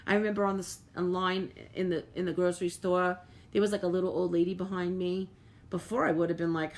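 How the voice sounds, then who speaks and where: A middle-aged female medium talks earnestly to her live stream audience at a fairly quick pace, using a fairly low voice with fairly even intonation. Her speech is sprinkled with "like" and repeated words as she reads comments and thanks viewers by name.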